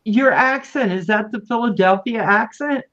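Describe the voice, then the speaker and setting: Woman host with a light Southern lilt, playful and giggly, over muffled low-fi video-call sound. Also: normal speed. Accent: slight Southern, Maryland. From Maryland. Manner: warm, giggly, teasing. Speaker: livestream host. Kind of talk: casual livestream interview.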